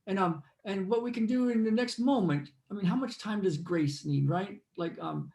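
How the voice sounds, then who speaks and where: A man's voice: high voice, normal speed, creaky, hardly any pauses, darkish tone. Earnest man in a roomy echo. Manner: meandering, earnest, spiritual. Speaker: host. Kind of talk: casual storytelling and guided reflection.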